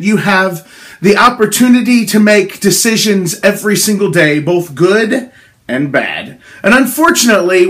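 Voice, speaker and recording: A high-voiced man preaching a short daily devotional in an earnest, exhorting tone. He speaks straight to his listeners and urges them on. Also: fairly bright tone.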